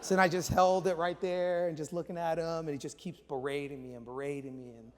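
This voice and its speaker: A man in his forties, a pastor preaching a sermon with chatty, animated storytelling and casual slang. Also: on the high side, brisk, a little hiss or hum. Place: church auditorium. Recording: echoey large church hall.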